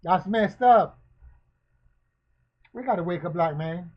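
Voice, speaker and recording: A fairly high-voiced man speaks deliberately and without hurry, sermon-style, in a piece of social commentary. He leans on repeated phrases and a steady run of rhetorical questions, and the recording sounds dull and lo-fi.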